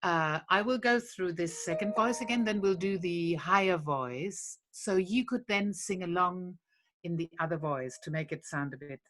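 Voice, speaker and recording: A woman's voice: lowish voice, moderate pace, fairly bright tone. A woman leading a lullaby workshop, patiently explaining a song step by step and breaking off to sing phrases. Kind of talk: teaching a song to a group.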